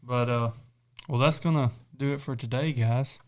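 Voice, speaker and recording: A man's voice: mid-range voice, steady tone, normal speed. Laid-back man telling a story. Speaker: podcast co-host. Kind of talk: casual chat.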